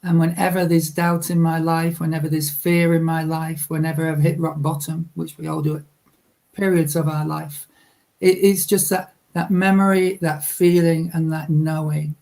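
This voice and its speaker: A woman's voice: low-pitched, level tone, moderate pace, vocal fry, warm tone. A woman, a guest psychic medium, recounting a personal memory in a heartfelt, reflective way on a radio interview. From England.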